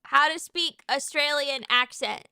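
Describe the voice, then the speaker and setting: A young woman streaming, chatting casually and excitedly, with sudden shouted outbursts. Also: sits high, measured pace, dry recording, studio quality. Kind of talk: casual live-stream chat.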